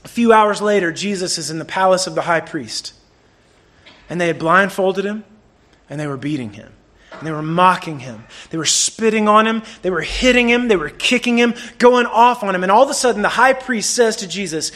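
A man preaching a sermon in a lively, conversational way, swinging between loud bursts and hushed lines. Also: sits high, normal speed. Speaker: pastor.

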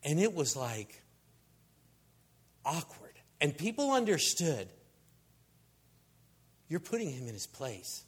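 Animated man preaching, higher voice. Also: takes it slowly, long pauses, husky. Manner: animated, acts out quoted voices, conversational asides. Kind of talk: sermon storytelling.

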